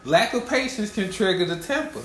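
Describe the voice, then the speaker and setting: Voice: medium pitch, animated, a little fast, fairly bright tone, soft background music. A person in casual conversation who teases, argues back, and cuts in to make their point. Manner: teasing, argumentative, interrupts. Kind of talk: casual chat. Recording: echoey room with faint background noise.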